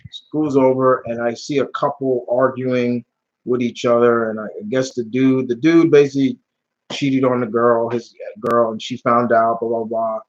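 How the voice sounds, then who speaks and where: A man in an easygoing live stream chat answers questions from his viewers and drifts into animated, rambling stories full of slang and restarts. His voice sits at an ordinary middle pitch, and the recording sounds a little dull and lo-fi. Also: moderate pace.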